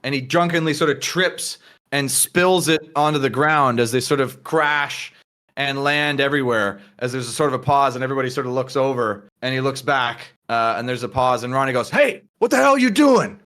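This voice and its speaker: Bright-voiced male game master. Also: medium pitch, fairly even intonation, fairly quick. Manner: casual, many fillers. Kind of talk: narrating a tabletop game.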